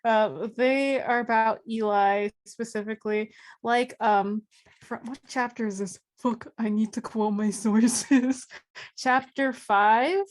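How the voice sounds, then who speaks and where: A woman's voice: on the high side, steady tone, slow. A woman co-hosting a casual podcast, often laughing through her words and swearing freely as she reads quotes from a book. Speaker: podcast co-host.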